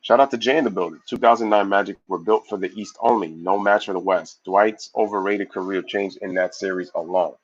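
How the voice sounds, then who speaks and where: A man hosting a casual live sports stream, reading viewer comments aloud and giving shout-outs in a loose, slangy way. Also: sits low, a little fast, hardly any pauses, dull audio. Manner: loose, slangy, animated opinions.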